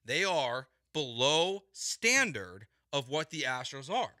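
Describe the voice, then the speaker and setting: A male sports radio host with a very bright, forceful voice that sits a little high for a man. He argues in an emphatic, exasperated way, hammering points home by repeating words. The sound is dry and close. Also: wildly swooping pitch, unhurried, no room sound. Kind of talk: heated sports talk.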